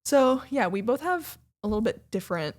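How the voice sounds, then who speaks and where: A woman co-hosting a casual couples podcast, animated and quick to laugh, jumping up in pitch when she makes a point. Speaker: podcast co-host.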